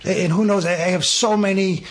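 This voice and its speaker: A man's voice: sits high, brisk, slight background noise. A man, telling a faith story as a guest and eagerly acting out what people said. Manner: excited, animated storyteller acting out dialogue. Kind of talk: testimony storytelling.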